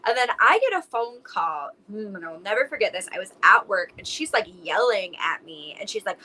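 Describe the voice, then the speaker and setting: A woman's voice: mid-range voice, lively intonation, a little fast, few pauses, bright, forceful tone, rough recording. A young adult woman, a podcast guest, telling her story in casual chat with lots of fillers. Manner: talks emotionally with many "like"s.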